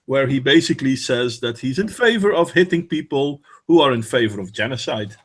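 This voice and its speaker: Male chat guest, dry rambling delivery, husky tone. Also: mid-range voice, fairly bright tone, rough recording. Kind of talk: casual chat.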